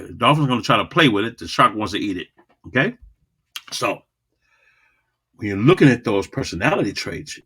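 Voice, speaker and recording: A man teaching a public speaking lesson, emphatic and repetitive, swinging between loud and soft delivery. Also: medium pitch, breathy edge. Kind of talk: coaching lesson to a class.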